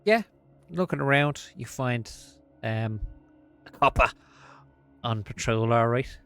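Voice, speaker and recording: A man's voice: medium pitch, expressive, slow, a bit bright, smooth, faint music behind. A man running a tabletop horror game as game master, casual and playful.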